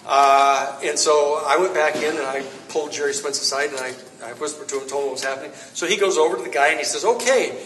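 A man giving an author talk, telling lively anecdotes to a live audience and acting out quoted lines. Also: fairly high pitch, fast, hardly any pauses. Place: bookstore event space. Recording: roomy echo from far off.

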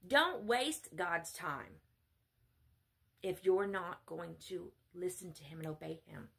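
Female preacher, scolding sermon delivery, sharp and husky. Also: fairly low pitch, lively intonation, slow pace. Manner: blunt, scolding. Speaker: self-styled spiritual mother preaching. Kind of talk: sermon monologue.

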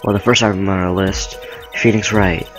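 A man's voice: on the low side, fairly even intonation, normal speed, soft background music. A young man hosting a game playthrough, reading the dialogue aloud in a jokey, hammy way. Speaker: let's play host.

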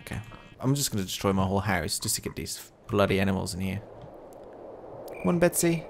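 A man's voice: sits low, big pitch swings, brisk, gravelly, a little hiss or hum. A young man commentating his own gameplay, chatty and coaxing animals along, growing easily exasperated. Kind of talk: let's play commentary.

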